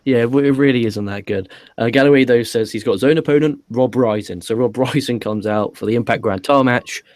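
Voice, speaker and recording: A man's voice: medium pitch, a little fast, a little mellow, dry recording. A man co-hosting a podcast, recapping a wrestling show in a dry, matter-of-fact way. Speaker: podcast co-host.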